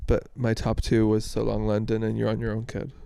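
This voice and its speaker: A man co-hosts a casual podcast chat, telling stories animatedly and acting out what people said. His voice is on the low side, brisk, with vocal fry, and the sound is clean studio audio with no room sound.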